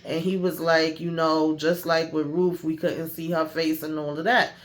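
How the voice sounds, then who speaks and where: Woman, TV recap host, casual, slangy, animated, acts out characters. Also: deep voice, normal speed.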